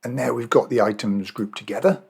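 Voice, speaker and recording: A man's voice: mid-range voice, fairly even intonation, fairly quick, vocal fry, darkish tone, husky. An Australian man walking viewers through a spreadsheet task in a casual screen-recorded tutorial, thinking aloud with fillers and self-corrections. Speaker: Excel and Power BI trainer.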